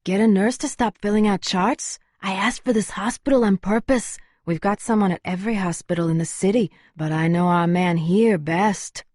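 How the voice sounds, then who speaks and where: A woman's voice: medium pitch, moderate pace, hardly any pauses, darkish tone, no echo, studio quality, lightly acted. A woman voicing a bold, breezy young shapeshifter woman in an audiobook. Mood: confiding.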